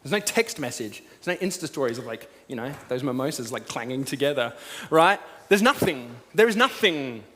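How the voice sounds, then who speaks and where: A pastor giving a sermon as casual storytelling, swinging from loud to hushed. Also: male voice, mid-range voice, lively intonation, moderate pace, hardly any pauses. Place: church auditorium. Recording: long hall reverb.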